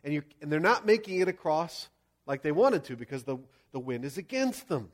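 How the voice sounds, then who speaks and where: A male pastor preaching a sermon, acting out scenes and shouting quoted lines. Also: a little high, sing-song, brisk.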